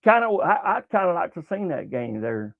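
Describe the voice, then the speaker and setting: A man's voice: high-pitched, sing-song, normal speed, dry recording. A man with a Southern American accent hosting a casual sports livestream, rambling in a folksy way with many fillers as he talks to his chat. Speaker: sports show host. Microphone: webcam livestream setup. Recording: tinny phone-like sound.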